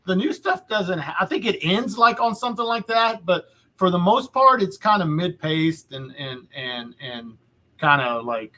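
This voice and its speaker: A man's voice: sits high, lively intonation, unhurried, pushed and bright. A man from Texas hosting a podcast, chatting casually in a loose, profane, rambling way with lots of restarts. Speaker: podcast host. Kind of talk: casual chat.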